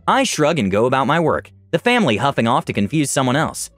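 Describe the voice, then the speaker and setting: Lively male story narrator, dry close mic. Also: fast, hardly any pauses, no echo, faint music behind. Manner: lively, rises in pitch for quoted lines. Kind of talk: reading a retail story aloud.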